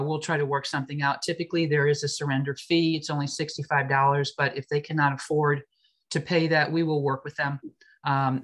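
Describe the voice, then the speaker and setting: Plain-spoken woman from an animal shelter. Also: deep voice. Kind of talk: meeting update. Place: online video meeting. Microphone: video call.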